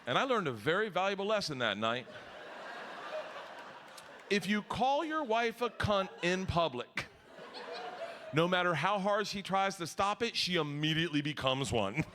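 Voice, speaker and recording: A middle-aged man doing a crude stand-up comedy routine on stage, jumping between high and low voices as he acts out the people in his stories. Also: very animated, a little slow, long pauses, background noise. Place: comedy stage before a live audience.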